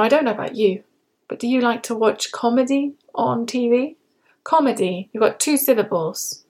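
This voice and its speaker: British woman teaching English slowly. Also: mid-range voice, darkish tone. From Britain. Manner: slow, clear teaching delivery with repeated example words. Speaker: English teacher and podcast host. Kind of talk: podcast English lesson.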